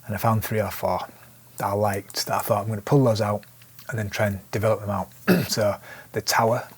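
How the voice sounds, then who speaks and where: A man with a lowish, husky voice talks fairly quickly while teaching lyric writing. His manner is casual and relaxed, as if thinking aloud, with frequent restarts.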